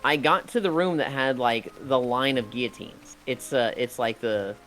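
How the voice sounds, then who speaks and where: A man's voice: medium pitch, moderate pace, fairly bright tone, soft background music. A man chatting casually while playing a game, telling rambling stories and acting out his friends' lines. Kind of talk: casual gaming chat.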